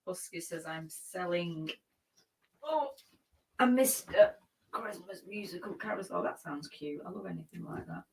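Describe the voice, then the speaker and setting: A woman's voice: lowish voice, unhurried, creaky, a little mellow, low-quality recording. A woman with a Geordie accent co-hosting a casual live chat, giggly and teasing. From North East England. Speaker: livestream co-host.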